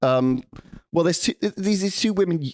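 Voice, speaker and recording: A man's voice: high voice, lively intonation, normal speed, dry recording. Man, podcast cohost, rambling anecdote, swears a lot, dry close sound. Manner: rambling, swears freely, laughs through anecdotes. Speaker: podcast co-host. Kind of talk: casual storytelling chat.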